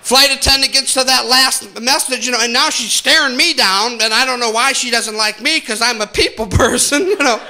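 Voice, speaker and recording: A man's voice: very high-pitched, normal speed, hardly any pauses, bright, forceful tone, a little hiss or hum. A man doing stand-up comedy on a theater stage, telling exaggerated stories and making asides to the audience.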